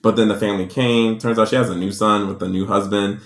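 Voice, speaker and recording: A man with a lowish voice tells a drama recap in a sassy, slangy, animated way. He sounds like he is recording in an echoey room. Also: fast. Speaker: drama reviewer. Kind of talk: casual recap commentary.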